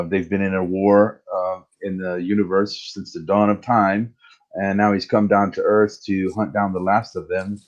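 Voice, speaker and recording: A deep-voiced man with a flat, even delivery, pitching his comic on a livestream. He halts often with fillers, and the dull lo-fi mic takes the shine off his voice. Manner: halting, many fillers, growing quieter. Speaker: guest comic creator. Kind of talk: casual pitch of his project.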